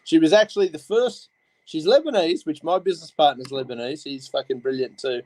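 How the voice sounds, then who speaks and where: A man's voice: a little high, a little fast, darkish tone, dry recording, rough recording. A man with an Australian accent hosting a casual chat, talking bluntly and swearing as he rambles. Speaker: host.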